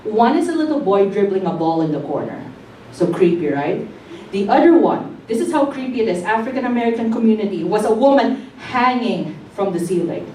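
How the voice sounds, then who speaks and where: A woman from the Philippines whose first language is Tagalog, doing a brash, profane, animated stand-up comedy set on a club stage. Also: mid-range voice, brisk. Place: comedy club stage before a live audience. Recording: echoey room, distant mic, faint background noise.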